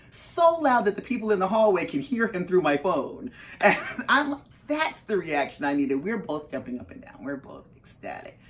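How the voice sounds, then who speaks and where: A middle-aged woman recounts a story in an interview, animated and expressive, her voice swinging widely and sitting on the lower side for a woman. Faint noise hums behind her. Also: normal speed. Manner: animated, acts out her own reactions with big jumps in pitch. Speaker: interview guest, mother of a parolee.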